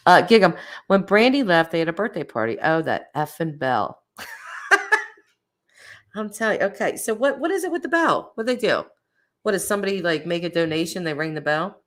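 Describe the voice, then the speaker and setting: A low-voiced woman chats casually on her livestream, talking in a lively, animated way. She breaks into laughter often and reacts freely to her viewers. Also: moderate pace. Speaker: livestream host.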